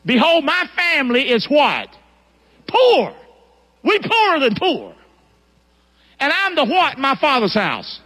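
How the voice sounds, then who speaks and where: A whiny, disbelieving young underdog, as a preacher acts him out, pitching his voice up high and swinging it wildly as he protests. He grumbles in streetwise slang that he is the poorest and weakest of them all. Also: wildly swooping pitch, takes it slowly, long pauses, sharp tone, long reverb tail, exaggerated voice. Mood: protesting. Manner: folksy, exasperated, streetwise slang. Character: doubting poor young man, incredulous and complaining. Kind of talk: sermon with acted biblical character.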